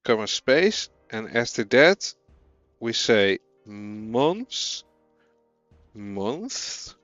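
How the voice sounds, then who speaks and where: A man's voice: lowish voice, sing-song, drawn-out words, fairly bright tone, no echo, lo-fi sound, faint music behind. A man with a Dutch accent, a native Dutch speaker, thinking aloud as he codes and chatting with viewers on a casual live stream.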